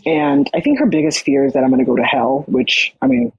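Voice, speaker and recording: As a woman animated young guest telling her story. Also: low-pitched, fairly quick, creaky, husky, no echo, lo-fi sound. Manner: animated, frequent fillers and quoted dialogue. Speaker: podcast guest. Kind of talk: casual storytelling conversation.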